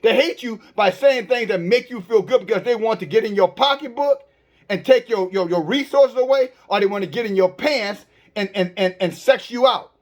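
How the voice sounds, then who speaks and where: A man's voice: sits high, moderate pace. A man preaching an online sermon, talking straight to his listeners with rhetorical questions and many stammered restarts. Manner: emphatic, with frequent stammered restarts.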